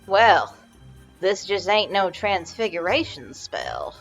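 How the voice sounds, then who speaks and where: A woman voicing a gruff, folksy male wizard of the Wild West who drawls slowly in a low voice. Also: wildly swooping pitch, faint music behind, full character voice, low-quality recording. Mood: dry. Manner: drawling, slow and low, says "ain't".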